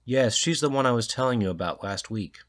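A man's voice: mid-range voice, animated, a little fast, lightly acted. A man voicing an easygoing, reassuring man hosting a gathering.

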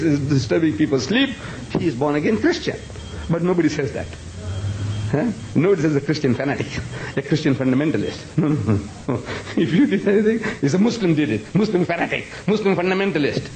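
A man's voice: a little high, lively intonation, a little fast, darkish tone, a little hiss or hum, rough recording. A man giving a religious lecture in a mosque, emphatic and rhetorical, often chuckling at his own points. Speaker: Islamic lecturer.

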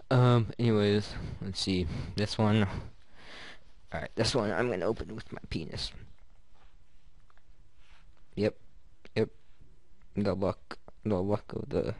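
A man's voice: on the low side, lively intonation, slow pace, gravelly, pauses often, a little mellow, dry recording. A man giving rambling, joking commentary to himself while opening loot in a video game. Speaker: gaming YouTuber. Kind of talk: casual gameplay commentary.

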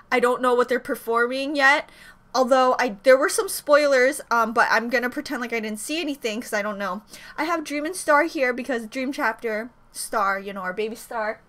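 A young woman chatting excitedly at home as a reaction vlogger, flustered and rambling, often restarting her sentences. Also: sits high. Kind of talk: excited casual vlog chat. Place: home room.

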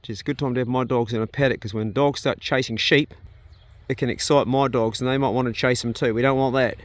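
Here a man talks fast in a mid-range voice with fairly even intonation. He's a homestead vlogger wandering his rural property with his phone in hand, filming and chatting casually with his animals in an easygoing way.

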